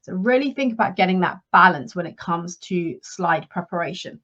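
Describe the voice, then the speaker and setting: A woman coaching her listeners in a solo podcast talk, instructive and steady, stressing key points by repeating them. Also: on the low side, normal speed, dull audio. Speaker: leadership and career coach.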